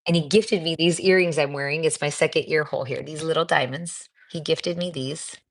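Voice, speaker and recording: Host: middle-aged woman from the US, low voice, casual and encouraging livestream chat, reads viewer comments. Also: fairly even intonation, brisk. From United States. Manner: chatty, warm and encouraging, with frequent fillers. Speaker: cancer coach hosting a livestream.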